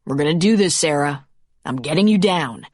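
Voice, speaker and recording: A woman's voice: sits low, animated, normal speed, darkish tone, dry recording, studio quality. A woman narrator voicing a protective man who is tender and determined. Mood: tender urgent.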